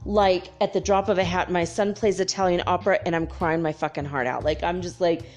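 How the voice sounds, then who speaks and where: A woman's voice: fairly low pitch, fairly even intonation, brisk, a little mellow, lo-fi sound, faint music behind. Chatty woman in her fifties, laughing often. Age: 50s. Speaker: host. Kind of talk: casual spiritual chat.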